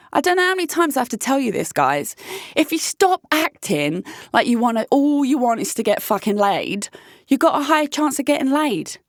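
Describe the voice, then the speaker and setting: A woman in her thirties talking about dating in a blunt, sweary, animated way that is full of laughs. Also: sits high, dry recording, clean studio sound. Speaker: dating vlogger. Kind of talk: casual candid vlog monologue.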